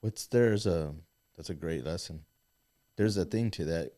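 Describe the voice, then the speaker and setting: A man with a notably low voice co-hosts a casual podcast. He mostly listens and adds brief, affirming comments in a relaxed way. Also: measured pace. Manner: supportive listener, short affirmations. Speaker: podcast co-host. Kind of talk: casual chat, brief interjections.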